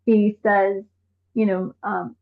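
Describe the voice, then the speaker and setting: A woman from Iran, an activist guest on a live online show, talking in an animated way and firing off exasperated rhetorical questions. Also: medium pitch, takes it slowly, gravelly. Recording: tinny phone-like call audio.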